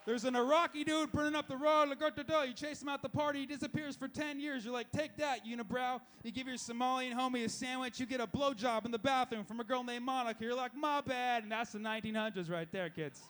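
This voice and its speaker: A man's voice: very high voice, fairly even intonation, fairly bright tone. A young man doing a stand-up set, firing off punchlines and acting out little voices of the people in his jokes. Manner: rapid-fire punchlines with acted-out voices. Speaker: stand-up comedian. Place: live comedy show.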